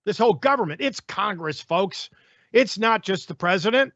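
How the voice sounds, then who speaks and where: A man's voice: high voice, animated, normal speed, pushed and bright, dry recording, dull audio. A male talk show host giving opinionated, sarcastic news commentary in a ranting manner.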